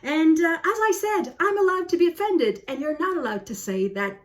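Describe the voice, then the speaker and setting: A woman's voice: very high-pitched, expressive, a little fast, few pauses. A woman from Canada, a book video host, giving casual spoken commentary in a rambling way with many fillers and restarts. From French Canada.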